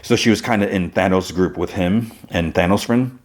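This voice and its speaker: A man's voice: sits low, moderate pace. A man hosting a podcast, retelling a TV episode in casual talk full of "like" fillers. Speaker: podcast host.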